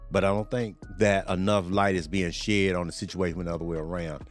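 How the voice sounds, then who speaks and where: Rambling low-voiced man reacting to a clip. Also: flat delivery, fairly quick, faint music behind. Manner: rambling, full of "you know" and "or whatnot". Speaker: commentary channel host. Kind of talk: reaction commentary.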